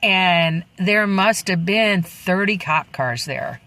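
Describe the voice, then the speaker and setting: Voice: mid-range voice, lively intonation, takes it slowly, pushed and bright, no room sound, rough recording. A person telling their own life story in a casual, candid and rambling way, with frequent asides. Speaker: memoir storyteller.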